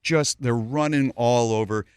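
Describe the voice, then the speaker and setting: A middle-aged man hosting a radio talk show, telling a story in an animated way and acting out the voices of the people in it. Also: medium pitch, a little slow, clean tone, dry recording, studio quality. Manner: animated, acts out voices in anecdotes.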